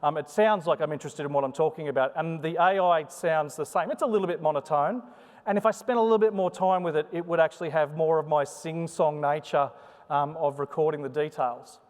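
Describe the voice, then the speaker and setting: A little high and a little fast, a man's voice leads a live conference talk with a demo, sing-song in style. The presenter is chatty, jokes around and delivers with animation, while the hall gives a long reverb.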